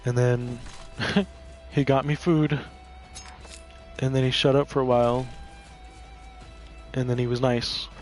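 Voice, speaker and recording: A man's voice: mid-range voice, level tone, slow, long pauses, soft background music. A man telling a personal story while gaming, rambling and profane, with lots of "like" fillers.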